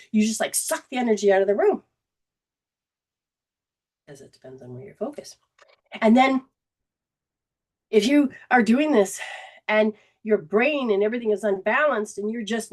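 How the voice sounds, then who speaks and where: Female metaphysical teacher, livestream host, mid-pitched, rambling and repetitive, acts out quotes. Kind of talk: livestreamed spiritual talk.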